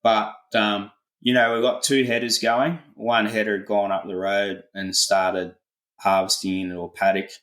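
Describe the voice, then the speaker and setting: A man's voice: lowish voice, level tone, moderate pace, fairly bright tone, reverberant, low-quality recording. Middle-aged Australian man spinning a yarn. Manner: laid-back yarn-spinning, broad colloquial slang. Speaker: farmer, podcast guest. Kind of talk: casual storytelling interview.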